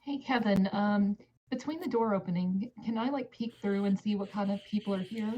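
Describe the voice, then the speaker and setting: Mellow-voiced woman player, curious. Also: medium pitch, moderate pace, highs cut off, slight background noise. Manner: curious, asking questions.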